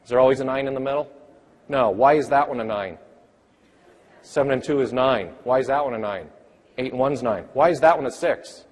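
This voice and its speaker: A man presenting a math teaching workshop, energetically firing quick questions at the audience. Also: mid-range voice. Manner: energetic, rapid-fire quizzing of the audience. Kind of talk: interactive conference workshop talk. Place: large conference hall. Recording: long hall reverb.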